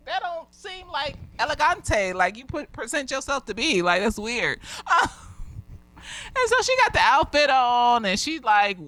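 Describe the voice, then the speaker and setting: A woman's voice: fairly high pitch, sharp tone, no room sound. A woman therapist giving a casual, candid episode review, swearing freely and laughing often. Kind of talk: casual tipsy review chat.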